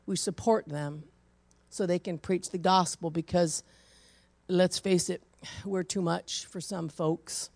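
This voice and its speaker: An older woman, a grandmother, preaching a sermon full of personal stories, swinging between loud and hushed. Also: on the low side, fairly even intonation, takes it slowly, vocal fry, no room sound. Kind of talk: storytelling sermon.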